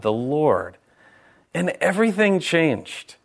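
A man preaching a sermon, earnest and animated, asking rhetorical questions and restarting his sentences. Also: mid-range voice, unhurried. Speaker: pastor.

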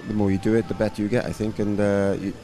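A man in his thirties, a rugby coach, answering interview questions in a relaxed, rambling way with lots of fillers. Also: on the low side, quick pace, faint music behind. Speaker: rugby coach and former player.

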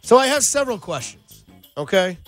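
A man hosts a sports talk radio show from the studio, riffing and joking with lots of energy. His voice sits a little high and sounds bright and forceful. Faint music plays behind him. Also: very animated, normal speed.

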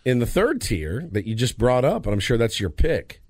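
A man's voice: medium pitch, husky, dry recording. A man co-hosting a sports talk radio show, who banters and teases with animation, speaking into a studio microphone. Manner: animated, teasing, quick to laugh.

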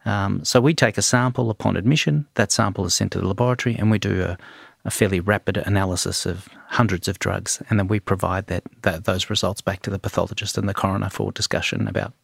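Gravelly-voiced man explaining patiently. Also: on the low side, steady tone, no room sound. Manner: measured, with frequent ums and restarts. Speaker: forensic toxicologist. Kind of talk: explanatory interview answers.

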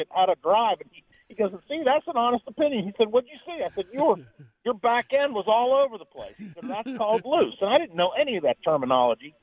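A man's voice: high voice, no room sound. A man from Pittsburgh calling a radio show and telling a chatty story. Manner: chatty, storytelling, laughs along. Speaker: caller. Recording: phone line.

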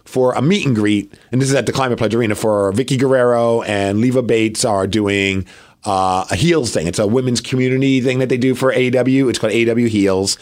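Speaking briskly in a mid-range voice, this man co-hosts a podcast and spins a lengthy tale during relaxed chat. His delivery is lively, and he performs other people's quotes as he goes.

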